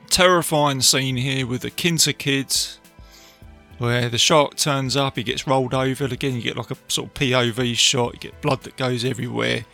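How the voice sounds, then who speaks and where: A man casually recapping a film, chatty and enthusiastic, tossing in quick impressions of lines. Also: medium pitch, gravelly, bright, forceful tone. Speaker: film reviewer.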